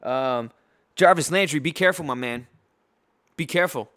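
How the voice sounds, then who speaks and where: Bright-voiced trash-talking man, podcast rant. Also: fairly high pitch, moderate pace. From San Diego. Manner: loud, trash-talking, many restarts. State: tipsy. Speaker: podcast host. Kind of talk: profane sports rant.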